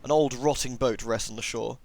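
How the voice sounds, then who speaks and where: A man's voice: mid-range voice, steady tone, a little fast, vocal fry, a little mellow. A young man giving casual, jokey commentary while playing a game, often muttering asides. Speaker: let's play gamer.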